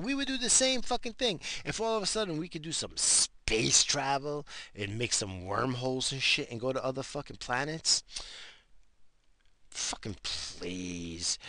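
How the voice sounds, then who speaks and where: A man's voice: lowish voice, creaky, sharp tone, dry recording. A man talking in a casual, rambling monologue, swearing freely and laughing at his own asides.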